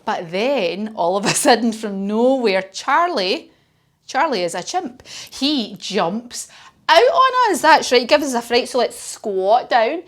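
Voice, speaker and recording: A woman leading a children's yoga class as a story, gentle and encouraging. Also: fairly high pitch, sing-song, slow pace. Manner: gentle, encouraging, sing-song. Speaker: kids' yoga teacher.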